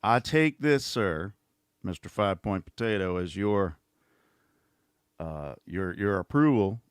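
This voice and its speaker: A man's voice: low-pitched, expressive, slow, smooth, dry recording, clean studio sound. A middle-aged man hosting a casual livestream, talking in a sarcastic, rambling, mocking way. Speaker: host.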